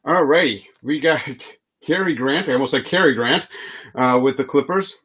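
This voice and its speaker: A man's voice: mid-range voice, normal speed, a bit bright, husky. A man hosting a live trading card box break, reading player names in a chatty, easygoing way and laughing often.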